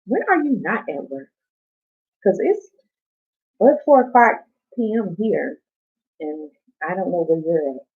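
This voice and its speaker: A woman's voice: lowish voice, big pitch swings, measured pace, pauses often, breathy edge. A woman hosting a casual live stream from home, rambling, chatting to viewers and swearing casually. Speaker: livestream host. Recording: dull lo-fi stream audio.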